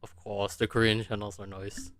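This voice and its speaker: A man's voice: fairly low pitch, level tone, moderate pace, fairly bright tone. A man hosting a podcast in casual chat, talking loosely and stammering on restarts. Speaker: podcast host.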